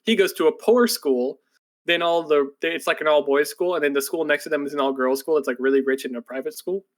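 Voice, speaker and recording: A man co-hosting a podcast, casually retelling an anime plot in a rambling way, full of "like"s, and now and then slipping into breathless character voices. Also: fairly quick. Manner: rambling, filler-heavy storytelling with many "like"s; jumps into breathless, high-pitched voices when quoting characters. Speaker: podcast co-host.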